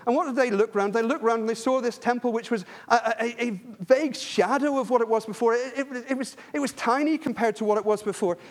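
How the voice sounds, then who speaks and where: Male preacher, high-pitched, earnest and emphatic sermon delivery. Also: brisk, few pauses. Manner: earnest, repetitive emphasis with frequent restarts.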